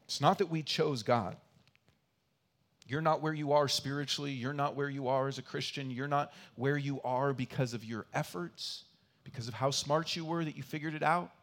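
A man preaching a sermon as pastor, earnest and repetitive for emphasis, swinging between loud emphatic lines and quiet asides. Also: medium pitch, steady tone, moderate pace. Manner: earnest, repeats key phrases for emphasis. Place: church.

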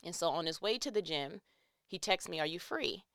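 Bright, crisp-voiced woman chatting. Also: on the low side, normal speed, no room sound, clean studio sound. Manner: animated, gets teary and excited, voices quoted lines. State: tearing up. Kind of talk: casual chat.

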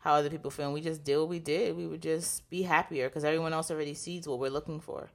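A woman's voice: deep voice, fairly even intonation, quick pace, gravelly. A woman co-hosting a podcast, chatting casually and affirming her friend. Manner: supportive listener, frequent affirmations. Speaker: podcast co-host. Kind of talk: casual chat.

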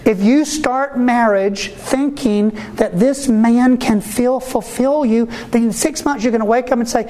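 An animated male priest preaching to a gathering of ministry workers. He acts out the people he quotes, jumping into their voices, and keeps checking in with his listeners. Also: very high voice, unhurried. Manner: asks the audience for agreement. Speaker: Catholic priest. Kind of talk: sermon-style talk to ministry workers.

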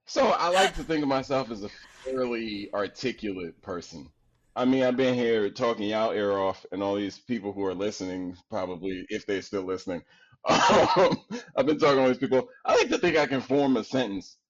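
Deep-voiced animated man from Queens. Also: normal speed, highs cut off. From Queens, New York. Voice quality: deep resonant voice. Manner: animated, laughs often, casual slang. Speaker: podcast guest, actor. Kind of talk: casual storytelling chat.

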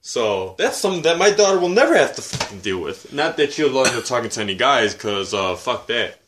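A man's voice: mid-range voice, brisk, noisy background. Foul-mouthed man ranting on a podcast. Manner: profane, animated ranting. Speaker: podcast co-host. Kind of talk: casual podcast chat.

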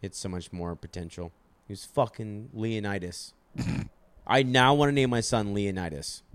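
A young man hosting a casual chat, telling stories in an animated, profane way and acting out quotes. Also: on the low side, measured pace, clear, resonant tone, dry recording.

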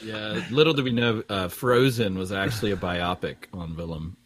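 A man's voice: on the low side, fairly even intonation, normal speed, dry recording, rough recording. A man co-hosting a podcast, cracking dry jokes in casual chat. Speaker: podcast co-host.

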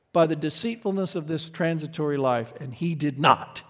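A male preacher delivers a sermon with earnest conviction at a moderate pace, dropping to quiet asides before rising to loud, emphatic lines. His voice sits a little high for a man, and a long reverb from a large hall trails every phrase.

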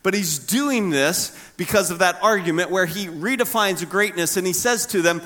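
Bright-voiced middle-aged male pastor preaching. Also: moderate pace, hardly any pauses. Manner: conversational, humorous, acts out quotes with lively pitch swings. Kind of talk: sermon.

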